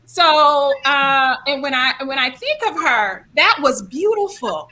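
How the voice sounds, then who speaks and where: A middle-aged woman from South Carolina, telling folksy, animated stories on a panel talk and acting out quoted people. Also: high voice, slow. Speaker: guest speaker.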